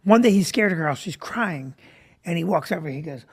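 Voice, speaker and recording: A man's voice: a little high, animated, normal speed, slightly rough. A middle-aged male comedian hosts a casual chat. He tells stories with a wry, self-deprecating humor and an easy conversational flow. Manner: joking, self-deprecating storyteller. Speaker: comedian and host.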